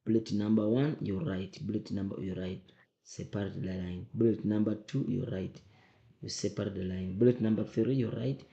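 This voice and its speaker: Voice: low voice, steady tone, moderate pace, vocal fry, mellow, dull audio. A teacher going through exam questions, emphatic and often repeating questions back to the class. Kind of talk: exam revision lesson. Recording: roomy echo.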